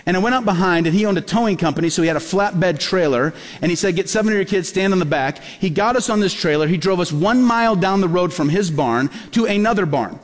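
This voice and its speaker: A male pastor with a notably high voice delivers a sermon in an animated, storytelling way. He acts out the dialogue as he goes, and his voice rings with the long reverb of a large hall. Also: fast, hardly any pauses.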